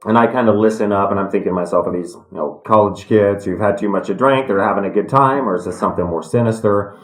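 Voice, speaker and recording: A middle-aged man telling stories in a podcast interview, calm and reflective. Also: fairly low pitch, quick pace. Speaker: guest, retired fighter. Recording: echoey room.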